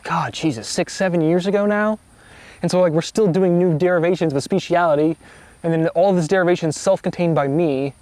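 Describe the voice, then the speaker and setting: A man's voice: fairly high pitch, a little mellow. A man giving a meandering, self-assured monologue to his video audience, often trailing off, restarting and spelling out syllables. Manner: spells out words and syllables to make points. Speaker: vlogger. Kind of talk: rambling monologue to camera.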